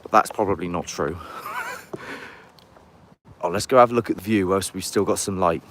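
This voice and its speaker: A man's voice: low voice, moderate pace, fairly bright tone, slight background noise. A man with a chatty, rambling manner, streaming a live walking vlog outdoors in woodland on a handheld phone. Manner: chatty, rambling, jokey asides. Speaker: paranormal investigator, live streamer.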